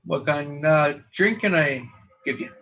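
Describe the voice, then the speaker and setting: A man's voice: a little high, a little slow, a bit bright, lo-fi sound. A man voicing a casual male bartender in a tabletop game, offhand and matter-of-fact.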